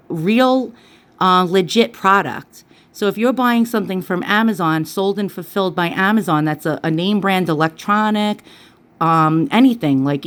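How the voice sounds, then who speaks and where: A woman vlogger telling a personal story in a chatty, animated way, with lots of fillers and quoted dialogue. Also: medium pitch. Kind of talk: casual storytelling.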